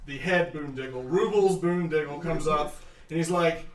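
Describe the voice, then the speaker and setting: A man's voice: fairly high pitch, moderate pace, echoey room, distant mic. A man narrating a tabletop game as game master, laughing often and breaking into voices for the townsfolk.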